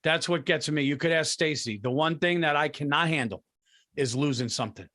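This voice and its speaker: Podcast co-host, middle-aged man, slightly high voice, animated profane ranting storyteller. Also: fairly quick. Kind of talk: casual comedic storytelling.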